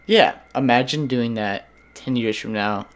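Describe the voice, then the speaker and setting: A man's voice: mid-range voice, unhurried. A young man co-hosting a casual podcast, rambling and joking with lots of filler words. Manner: rambling, full of "like" and restarts, jokey. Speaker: podcast co-host. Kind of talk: casual chat.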